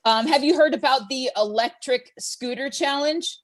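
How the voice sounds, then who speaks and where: A woman doing a stand-up set of deadpan one-liners over a live stream from home, often laughing at her own jokes. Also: high-pitched, normal speed. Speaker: stand-up comedian.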